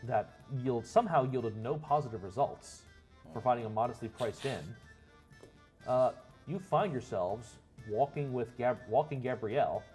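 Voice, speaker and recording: A man runs a tabletop game, painting the scene in long, meandering descriptions. His voice sits at a middle pitch and goes back on itself as he thinks, with faint music underneath. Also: normal speed, a little mellow. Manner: descriptive, rambling, with restarts. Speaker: game master.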